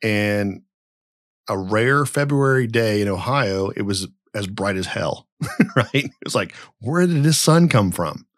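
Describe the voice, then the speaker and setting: A man's voice: fairly low pitch, expressive, a little slow, no echo, clean studio sound. A middle-aged man hosting a podcast, telling a long story in a rambling, blunt and profane way. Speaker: podcast host. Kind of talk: casual podcast chat.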